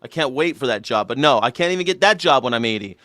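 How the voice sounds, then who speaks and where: A man's voice: medium pitch, expressive, fast, bright, forceful tone, no echo, clean studio sound. A man hosting a news reaction show, rambling and joking with profanity and silly voices. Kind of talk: casual comedic commentary.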